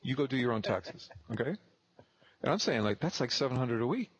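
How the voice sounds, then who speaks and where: A man's voice: mid-range voice, animated, brisk, breathy edge. A man in his thirties, a real estate investor telling a blunt, profane story and acting out both sides of the dialogue. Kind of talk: casual storytelling.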